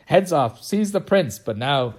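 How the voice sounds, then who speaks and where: A man's voice: on the high side, expressive, a little slow, a little hiss or hum. A man reading a storybook aloud, voicing a pompous old king in a blustering rage. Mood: raging. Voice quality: raging, blustering.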